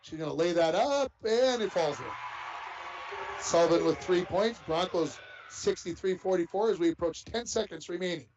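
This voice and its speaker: Over dull, lo-fi broadcast sound with background noise, a man gives live basketball play-by-play, chatting in a folksy way between plays. He speaks at a moderate pace in a high voice.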